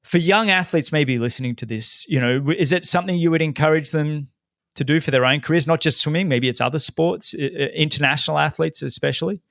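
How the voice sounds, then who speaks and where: A man's voice: a little high, fast, gravelly, a bit bright, dry recording, studio quality. A middle-aged man hosting a podcast, asking questions and telling stories in an enthusiastic, conversational way. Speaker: podcast host.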